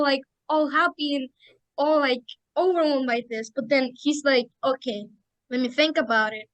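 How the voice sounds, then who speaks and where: A woman's voice: high-pitched, a bit bright, no room sound, rough recording. A young woman chatting on a podcast as an emotional fan who keeps acting out quotes. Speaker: podcast co-host or guest. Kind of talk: casual chat.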